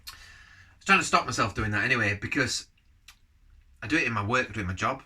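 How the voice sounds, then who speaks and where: A man's voice: mid-range voice, animated, fast talker, sharp tone, breathy edge. A man casually reviewing a beer on camera, rambling from one thought to the next and giving blunt verdicts. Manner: rambling, jumps between topics.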